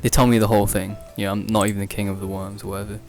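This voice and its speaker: A young man hosting a podcast, rambling through an improvised absurd comedy story, often laughing at his own jokes and leaping up in pitch when he quotes people. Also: little pitch movement, rapid-fire, creaky, soft background music. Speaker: podcast host.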